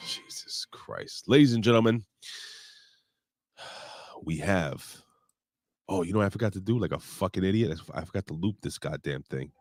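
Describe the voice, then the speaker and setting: A hoarse man hosting a casual wrestling review show, rambling, joking and swearing freely. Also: low voice, animated, moderate pace, pauses often, a little mellow, no echo. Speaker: podcast host.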